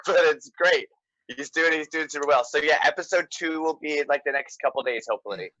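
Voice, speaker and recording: A man's voice: a little high, fairly quick, sharp tone, no room sound, dull audio. A man, a comedian guest, chatting in a laid-back, chuckling way. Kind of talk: casual chat.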